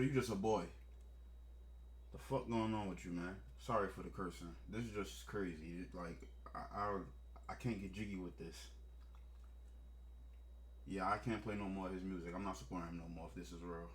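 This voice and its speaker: A man with a fairly low voice talks through a story in casual reaction commentary. He breaks off into joking, profane asides and speaks bluntly. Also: a bit bright, slight background noise. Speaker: commentary host.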